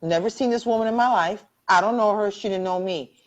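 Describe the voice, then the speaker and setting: A woman's voice: mid-range voice, brisk. A middle-aged woman earnestly sharing her personal story as a cancer survivor in a live online interview, often repeating phrases for emphasis.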